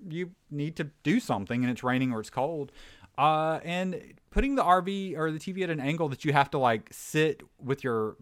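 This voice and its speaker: A man's voice: fairly high pitch, animated, moderate pace, no echo, studio quality. A man with a Southern American accent chatting casually, rambling through stories with lots of "like" and filler words. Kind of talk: casual chat.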